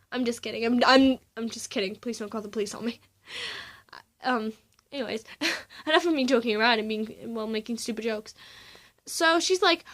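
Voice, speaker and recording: Bright-voiced teenage girl rambling. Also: sits high, normal speed. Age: teens. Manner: rambling, giggly, many fillers and restarts. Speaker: student vlogger. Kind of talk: casual rambling chat.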